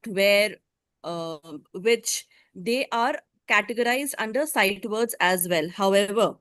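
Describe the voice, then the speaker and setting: Measured woman trainer on a call. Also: medium pitch, a bit bright, dry recording. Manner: measured, explaining step by step. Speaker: teacher trainer. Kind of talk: explanatory answer in an online training. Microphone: video call.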